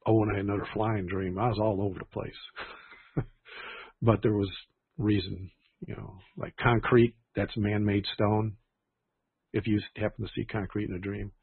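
A man's voice: lowish voice, vocal fry, breathy edge, dry recording. A man hosting a church livestream in a casual, rambling way, often restarting his sentences. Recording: tinny phone-like sound.

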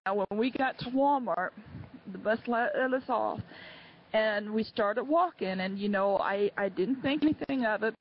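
Earnest woman giving halting church testimony. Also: a little high, muffled recording, a little hiss or hum. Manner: earnest, halting, with many restarts. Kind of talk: personal testimony.

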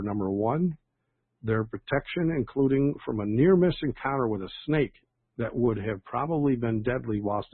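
Older male pastor, husky and gravelly, rambling chat over a dry phone line. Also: mid-range voice, no echo. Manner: rambling, chatty, with many fillers and restarts. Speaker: pastor leading an online prayer call. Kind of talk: casual reading and comment on praise reports.

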